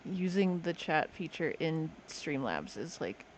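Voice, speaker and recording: A woman's voice: low voice, sing-song, measured pace, a little hiss or hum. Playful woman streamer doting on her pet. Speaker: game streamer. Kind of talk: casual live-stream chat. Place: home desk indoors. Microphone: desk microphone.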